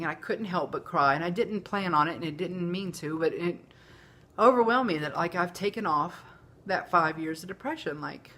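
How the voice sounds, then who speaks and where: A woman's voice: on the low side, fairly bright tone. A woman, talking candidly and emotionally in a rambling personal vlog. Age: 40s. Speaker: vlogger. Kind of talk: casual confessional vlog.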